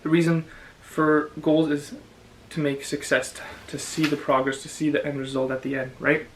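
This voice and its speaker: A young man from Canada, a vlogger, chatting casually and giving advice, pausing now and then to chew. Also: on the high side, slight background noise, rough recording. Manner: relaxed, chatty, with pauses to chew. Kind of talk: casual chat while eating.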